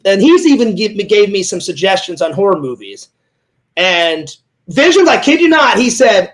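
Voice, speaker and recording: A man's voice: high-pitched, lively intonation, fairly quick, poor audio. A man hosting a casual interview, rambling through personal stories and acting out what others said, often repeating himself. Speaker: host. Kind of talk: casual chat.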